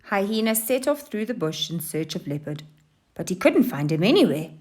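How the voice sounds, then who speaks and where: Expressive woman reading a storybook. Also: mid-range voice, moderate pace. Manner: expressive and animated. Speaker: teacher reading a story aloud. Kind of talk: storybook narration.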